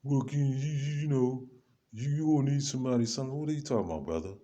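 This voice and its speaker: A man's voice: mid-range voice, fast, warm tone. A man vlogging, ranting to the camera in a loose, rambling way, full of slang and asides to himself. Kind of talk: rambling casual rant to camera.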